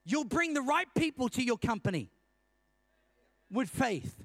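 A man in his fifties preaching a sermon with a strikingly high voice. He tells a personal story and keeps checking in with the congregation. The sound is close and dry, with no room around it. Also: big pitch swings, a little slow, a bit bright, dry recording. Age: 50s. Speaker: pastor.

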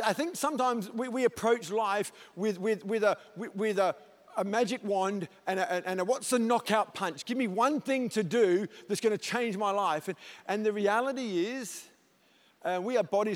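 Lively high-voiced pastor preaching. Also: male voice, normal speed. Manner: animated storyteller, jokes, loud comic peaks. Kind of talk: sermon.

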